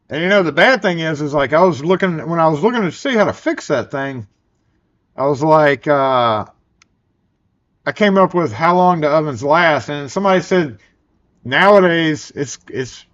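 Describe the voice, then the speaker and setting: A Southern US man hosts a casual live stream, rambling and cracking jokes as he chats. His voice sits a little high and sounds a bit bright, though the lo-fi recording comes across dull.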